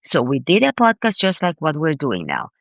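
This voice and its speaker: A woman being interviewed as a grief expert, telling a personal story in an animated, emphatic way and often repeating words. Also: deep voice, moderate pace, creaky, no room sound. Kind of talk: conversational storytelling.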